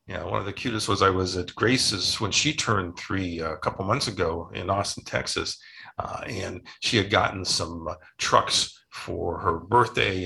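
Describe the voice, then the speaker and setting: A man's voice: lowish voice, gravelly, bright, forceful tone. An older man, a children's book author, tells family stories in a rambling interview with many restarts. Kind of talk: casual interview storytelling.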